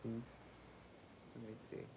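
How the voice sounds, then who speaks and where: Sleepy man reading aloud haltingly. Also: background noise. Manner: stumbles and rereads words while reading. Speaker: livestream host reading a sacred text aloud.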